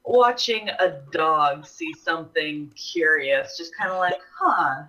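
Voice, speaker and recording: Brief: low-pitched woman player, slow, relaxed descriptions. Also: rough recording. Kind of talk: tabletop role-play.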